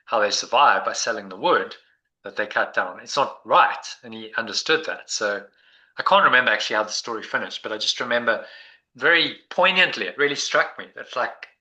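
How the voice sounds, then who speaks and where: A man's voice: medium pitch, expressive, a little fast, sharp tone, poor audio. A man leading a spiritual discussion group, talking in a meandering, reflective way with many restarts. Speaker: meditation group leader.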